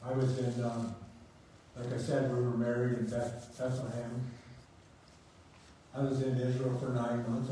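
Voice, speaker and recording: A man's voice: mid-range voice, warm tone. An older man preaching a sermon, telling personal stories in a conversational way and laughing at them. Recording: echoey room, distant mic, faint hum.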